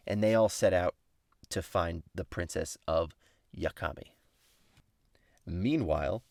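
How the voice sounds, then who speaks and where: A man's voice: lowish voice, gravelly, no echo, clean studio sound. A man hosting a podcast, casually retelling an old myth in a chatty way, correcting himself and adding jokey asides. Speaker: podcast host.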